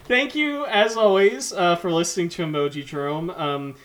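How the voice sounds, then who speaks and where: A man's voice: high voice, moderate pace, fairly bright tone. A man co-hosting a casual podcast, jokey and upbeat as he wraps up the episode. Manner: jokey, upbeat wrap-up banter. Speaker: podcast co-host. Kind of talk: casual chat.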